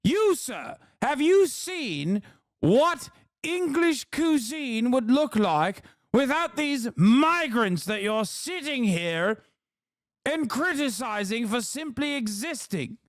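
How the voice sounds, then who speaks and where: A man voicing a pompous upper-class English gentleman in a theatrical, drawn-out, mock-outraged manner. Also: very high voice, sing-song, dry recording, studio quality, pitched above the performer's own voice, full character voice. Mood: mock-indignant.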